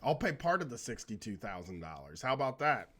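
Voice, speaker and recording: A young man co-hosting a loose, profane talk show. He rants with biting sarcasm about money and debt. His voice sits in a plain middle pitch. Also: sing-song, fairly quick, a bit bright. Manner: profane, sarcastic, drops into mocking quoted voices. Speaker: podcast host. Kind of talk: casual chat, reading news aloud.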